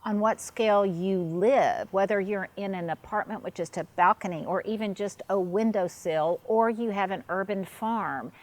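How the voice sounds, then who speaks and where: A woman hosting a casual garden tour outdoors, gushing with praise as she walks and talks. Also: medium pitch. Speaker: host touring a garden. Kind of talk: casual chat.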